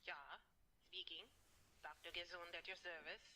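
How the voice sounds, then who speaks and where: A woman's voice: on the high side, very animated, fast talker, a bit bright, slight background noise. An actress voicing a haughty, eccentric female psychiatrist in a video game, snobbish and theatrical. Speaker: doctor.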